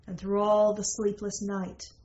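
Woman, narrator, storybook reading, measured, old-fashioned, slow, middle pitch. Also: completely flat delivery, darkish tone, lo-fi sound.

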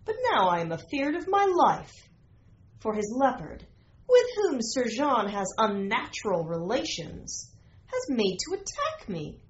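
A haughty, scornful noblewoman, put on by a woman reading a storybook aloud, cold and threatening. She speaks slowly and deliberately, her words weighted with contempt. The recording is slightly muffled. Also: mid-range voice, gravelly, a bit bright, echoey room, a little hiss or hum. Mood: indignant.

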